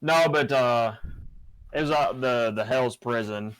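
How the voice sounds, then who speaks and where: A man's voice: medium pitch, unhurried, crowd noise, poor audio. A young man hosting a podcast, telling a personal story casually with many fillers and restarts. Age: young adult. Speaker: podcast host.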